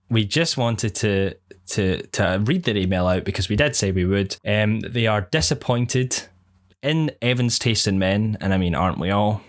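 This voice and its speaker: A young man co-hosting a casual podcast, giving long, earnest, rambling opinions. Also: fairly low pitch. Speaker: podcast co-host.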